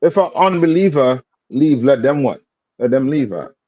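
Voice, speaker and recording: A man's voice: medium pitch, animated, moderate pace, warm tone, no echo. A man teaching a scripture class in plain street talk, quizzing his student with repeated "you understand?" checks. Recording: dull lo-fi sound.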